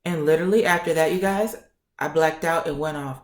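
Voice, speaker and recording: A young woman vlogger telling a story in a sassy, animated way and acting out the people in it. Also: sits low, a little fast, roomy sound. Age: young adult. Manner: sassy, acts out quoted voices.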